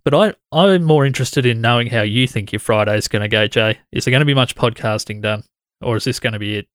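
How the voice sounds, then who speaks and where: A man's voice: medium pitch, fast talker, dry recording. Man, Australian accent, podcast host, easygoing chatty delivery, dry close sound. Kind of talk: casual conversational interview.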